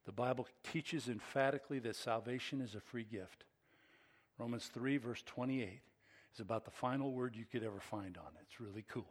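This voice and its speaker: A middle-aged man preaching a sermon as pastor, swinging between hushed asides and emphatic, excited peaks. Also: mid-range voice.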